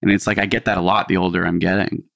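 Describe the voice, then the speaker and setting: A man with a fairly low voice co-hosts a casual podcast. He talks in an earnest, reflective way, leaning on "like" as he thinks aloud. The sound is dry and close. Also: little pitch movement, racing, vocal fry, a bit bright, no room sound. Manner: reflective, earnest, heavy use of "like". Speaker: podcast co-host. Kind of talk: casual storytelling chat.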